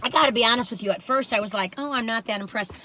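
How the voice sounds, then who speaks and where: A woman talks to her viewers like old friends in a cookie-review vlog. Her voice sits high, and she is folksy and quick to giggle, humming little jingles between thoughts. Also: bright, forceful tone, a little hiss or hum. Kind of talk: chatty cookie-tasting vlog.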